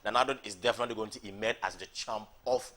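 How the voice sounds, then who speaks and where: Fast-talking, husky Ghanaian male host. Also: fairly low pitch, fairly even intonation, bright, forceful tone. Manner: challenging, cuts in, repeats "no" rapidly. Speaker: morning show host. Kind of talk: probing TV interview. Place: TV studio.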